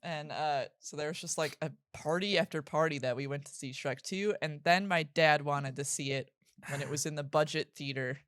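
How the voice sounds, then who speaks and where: A woman's voice: sits low, moderate pace, a bit bright, no echo, studio quality. A young adult woman guesting on a podcast, telling stories in a chatty way full of "like". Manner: chatty, filler-heavy storytelling. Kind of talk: casual chat.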